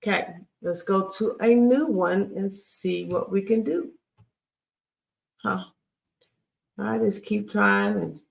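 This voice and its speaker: A teacher writes on screen during a recorded Hebrew grammar lesson, speaking in a halting, patient way and often checking in with the class. The voice is mid-range, gravelly and fairly bright.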